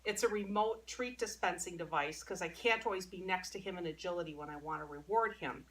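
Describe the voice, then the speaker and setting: A woman's voice: fairly low pitch, a little fast, fairly bright tone. A woman dog trainer talking casually while she works with her dog, explaining as she goes. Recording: distant mic, faint background noise.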